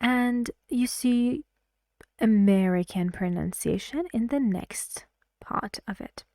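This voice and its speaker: Mellow-voiced woman teaching English pronunciation. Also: a little high, no echo. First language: Persian. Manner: slow, deliberate, repeats words for learners. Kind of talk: online lesson walkthrough.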